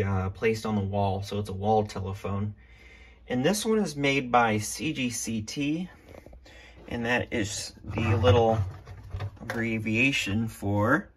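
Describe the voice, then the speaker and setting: A man hosting a casual show-and-tell vlog about an old phone from his collection, talking with many ums, uhs and restarts. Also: on the low side. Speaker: vintage telephone collector showing a phone.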